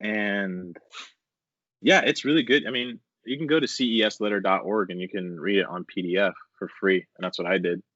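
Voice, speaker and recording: A young man tells his story at a rambling, animated clip, peppered with swearing and filler words. His voice sits a touch low. The recording is dry and slightly dull, with little sense of a room. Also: moderate pace, no room sound. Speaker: podcast guest. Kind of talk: casual storytelling interview.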